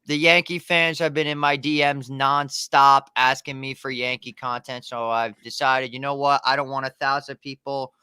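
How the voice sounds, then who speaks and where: A man's voice: medium pitch, little pitch movement, moderate pace, few pauses, sharp tone, clean tone, no echo, clean studio sound. A man appearing as a guest sports content creator on a video call, cocky and brutally frank in casual chat. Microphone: webcam on a video call.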